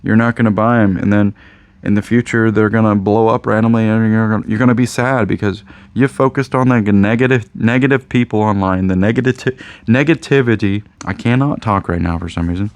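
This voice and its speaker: Midwestern guy hosting a card shop channel, low voice, dry close sound, rambling jokey rant. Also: fairly even intonation, fairly quick, no room sound. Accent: American Midwest. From Indiana, USA. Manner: rambling, joking, repeats himself. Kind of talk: casual rant to camera.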